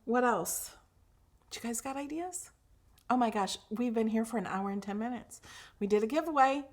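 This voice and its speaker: A woman's voice: on the high side, moderate pace. A woman hosting a craft livestream, chatting casually with viewers, gushing over her projects with fillers and restarts.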